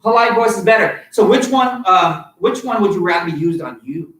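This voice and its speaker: A man's voice: sits high, animated, normal speed, fairly bright tone. An upbeat man leads a children's martial arts class, coaxing and cheering the kids along. His voice sits back from the microphone. The studio around him rings with echo. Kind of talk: live-streamed kids' class teaching. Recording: roomy sound from far off.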